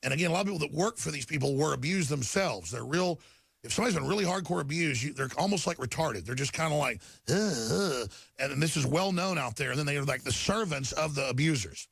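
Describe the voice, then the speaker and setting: A man's voice: on the high side, lively intonation, quick pace, gravelly, fairly bright tone, slightly rough, no room sound. A man hosting a talk show, ranting emphatically through news headlines and stumbling over repeated words. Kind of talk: talk radio monologue reading headlines.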